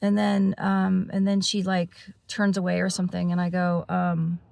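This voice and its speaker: A woman's voice: on the low side, monotone, normal speed, vocal fry, a little mellow, no room sound. Chatty woman telling a story, dry sound. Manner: rambling, many fillers and restarts, laughs often. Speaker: paranormal channel host. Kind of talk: casual storytelling to camera.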